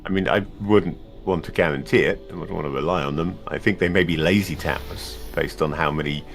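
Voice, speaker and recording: A man's voice: rumbling low, a little fast, faint music behind. A man chatting casually over a video game, advising his co-player in a wry, rambling way with frequent restarts. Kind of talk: casual gaming chat.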